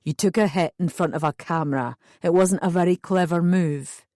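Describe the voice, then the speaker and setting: A woman's voice: fairly low pitch, moderate pace, warm tone, no echo, studio quality, voice pushed down, close to an everyday voice. A woman voicing a stern older policeman. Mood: scolding. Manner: firm, curt, scolding.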